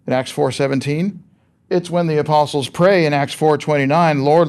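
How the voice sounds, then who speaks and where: A man's voice: a little high, darkish tone. A man preaching a sermon in a conversational, emphatic way, asking rhetorical questions of his listeners.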